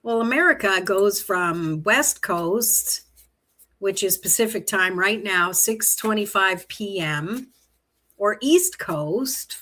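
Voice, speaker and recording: Bright-voiced Canadian woman, slow chat. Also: mid-range voice. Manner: chatty, reads out and answers viewer comments, laughs easily. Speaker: tarot livestream host. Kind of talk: casual live-stream chat while reading tarot cards.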